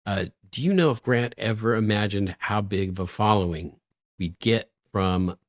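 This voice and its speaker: Middle-aged guy cohosting a podcast, lowish voice, dry close mic, tells stories all excited. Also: normal speed, dry recording. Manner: animated storyteller, laughs a lot. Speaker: podcast co-host. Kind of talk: casual podcast chat.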